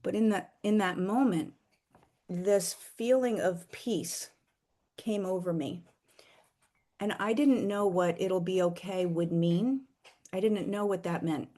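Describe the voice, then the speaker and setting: A middle-aged woman earnestly sharing a personal faith story, slowing down for emphasis. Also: mid-range voice, warm tone. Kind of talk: heartfelt personal testimony.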